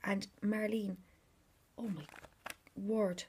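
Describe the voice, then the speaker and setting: A woman's voice: medium pitch, flat delivery, normal speed, vocal fry, long pauses, husky. Gushing woman, whispering and gasping. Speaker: craft vlogger opening gifts. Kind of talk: unboxing chat, often whispering. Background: crinkling paper and packaging.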